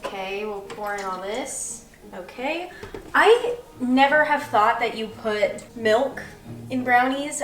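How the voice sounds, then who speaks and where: A woman's voice: fairly high pitch, a bit bright. A young woman chatting casually and self-deprecatingly while she bakes in her kitchen, rambling as she goes. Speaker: vlogger. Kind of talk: casual baking vlog chat. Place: home kitchen. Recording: roomy kitchen, mic at a distance.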